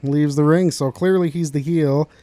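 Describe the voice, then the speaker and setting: A man's voice: on the high side, normal speed, dry recording. A man co-hosting a podcast, recapping a wrestling storyline in casual chat and acting out the quotes. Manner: animated storyteller, acts out quotes. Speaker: podcast co-host.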